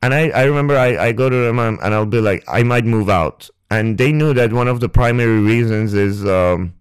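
A young man hosting a podcast, telling a personal story on a close microphone in a halting, rambling way, with restarts and swearing. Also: medium pitch, clean tone. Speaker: podcast host. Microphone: close ASMR microphone.

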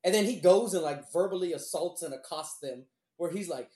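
A man's voice: on the high side, brisk. A man in casual, crude podcast chat, telling stories with lots of swearing, laughter and acted-out voices. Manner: profane, animated storytelling with laughs and impressions. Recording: roomy echo.

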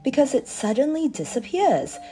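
A woman's voice: sits high, big pitch swings, moderate pace, warm tone, faint music behind, voice pushed up. A woman voicing a bossy, cross little male pixie in a storybook, scolding and insistent. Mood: warning.

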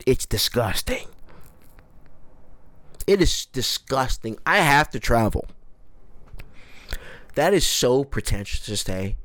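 Podcast host, man, twenties, slightly drunk, rambling and profane, lively up-and-down delivery, dry close sound. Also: medium pitch, slow pace, pauses often, no room sound. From United States. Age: 20s. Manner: rambling, profane, self-mocking. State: a little drunk. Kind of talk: casual solo podcast monologue.

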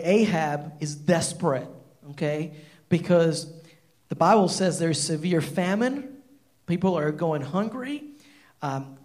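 A man preaching a sermon, retelling a Bible story in animated, casual storytelling with lots of "like". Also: high voice. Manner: animated storytelling, many fillers like "like". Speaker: pastor.

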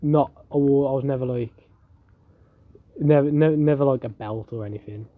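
Husky young man, tinny sound. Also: mid-range voice, normal speed, no echo. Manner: laid-back, slangy, teasing. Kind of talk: casual chat.

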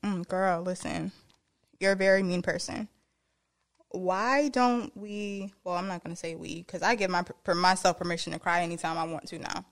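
A woman's voice: lowish voice, steady tone, moderate pace. A woman hosting a podcast in casual chat, blunt and sassy with teasing asides. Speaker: podcast host.

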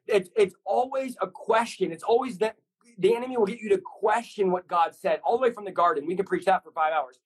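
A man preaching fervently as a podcast guest, his voice pitched high for a man and a little husky. He drives his point home in stacked, repeated short lines, with the insistent push of a sermon. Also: brisk, rough recording. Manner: intense, repetitive, builds lists of short punchy lines.

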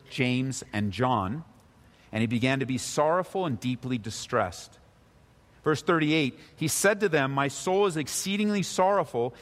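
A man preaching in a church sanctuary, his voice at an ordinary middle pitch. He swings between rising, forceful emphasis and quiet, low passages. A long reverb from the large hall trails each phrase. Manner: impassioned preaching, swinging between loud high emphasis and low hushed stretches. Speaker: pastor. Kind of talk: sermon.

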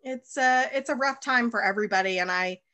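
A woman's voice: a little high, fairly quick, pushed and bright, no echo. A woman in her thirties from the United States, a baker and chef, talking as a guest in a casual interview and rambling with many fillers and restarts.

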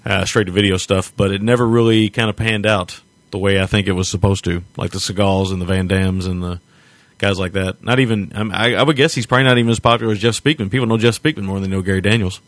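Talking fast in a lowish, fairly even voice, this man co-hosts a podcast and rambles jokily through a casual film review, laughing frequently. There's no room sound in the recording.

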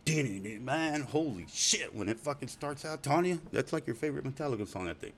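A man's voice: medium pitch, expressive, moderate pace, few pauses. A middle-aged man rambling in a profane, emotional personal video message to his family, laughing and tearing up. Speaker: father speaking to family.

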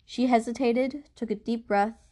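A woman narrating a first-person novel as an audiobook, with an even, measured reading. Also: a little high.

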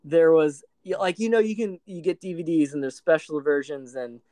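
A man's voice: on the high side, normal speed, dry recording. A man in his thirties co-hosting a podcast, chatting casually and telling stories with lots of laughter. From Colorado. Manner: animated storyteller, laughs often. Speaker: podcast co-host. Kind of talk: casual chat.

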